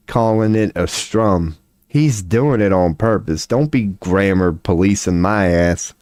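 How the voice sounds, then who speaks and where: A man's voice: deep voice, darkish tone, dry recording, studio quality. A man, rambling casually on a stream at home, profane and self-mocking. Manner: profane, laid-back, self-mocking with frequent laughs.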